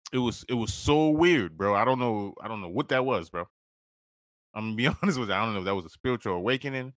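A man with a lowish voice that comes through bright and forceful, recorded close and dry with no room sound. He talks like a podcast host telling a personal story to friends, loose and slangy, dropping "bro" and laughing as he goes. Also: no room sound. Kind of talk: casual storytelling chat.

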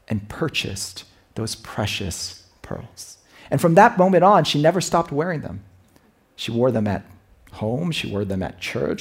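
A man preaching a sermon as pastor, urging his church to action and telling a story with lively delivery. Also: medium pitch, husky.

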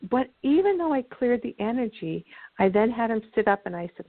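A woman's voice: on the high side, expressive, brisk, no echo. Woman guest teaching and telling a story, phone-call sound, dry. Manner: earnest, teaching, acts out quotes. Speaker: guest speaker. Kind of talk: explanatory storytelling. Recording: tinny dry phone line.

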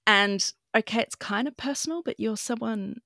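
A woman's voice: fairly high pitch, moderate pace, pushed and bright, no room sound, clean studio sound. A young woman tells her personal story as a podcast guest, frank and emotional and swearing casually.

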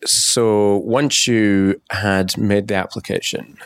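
A man's voice: fairly low pitch, fairly even intonation, slow, clean tone, no room sound. A man with a Scottish accent, hosting a podcast in a chatty, jokey interview style. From Scotland. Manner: chatty, jokey, self-deprecating. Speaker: podcast host. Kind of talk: casual interview chat.

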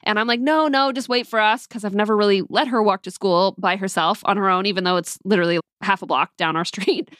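A woman in her thirties tells a personal story about her family in a candid, reflective voice. Her pitch sits in the middle, and the sound is close and dry, with no room around it. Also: fairly even intonation, quick pace, hardly any pauses, dry recording. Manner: candid, reflective, with soft laughs. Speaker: mother.

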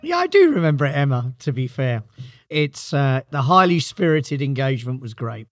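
A man's voice: mid-range voice, big pitch swings, moderate pace, faint music behind. A British man, a company chief executive, answering interview questions in a dry, self-deprecating way.

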